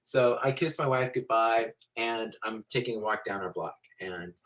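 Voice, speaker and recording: A man teaching storytelling to visual artists, animated and rambling with many fillers and restarts, talking into a computer on a video call. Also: on the low side, moderate pace, rough recording. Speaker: storytelling instructor. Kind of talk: lecture with acted-out anecdote.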